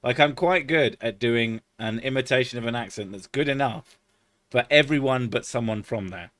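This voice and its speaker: A man's voice: mid-range voice, normal speed, fairly bright tone. A man chatting casually on a live stream, swearing freely and laughing often.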